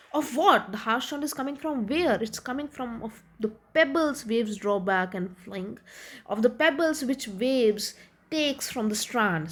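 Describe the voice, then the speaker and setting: Higher-pitched woman explaining a poem. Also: fairly bright tone. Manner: reads quoted lines, then paraphrases them with restarts and fillers. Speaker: literature teacher.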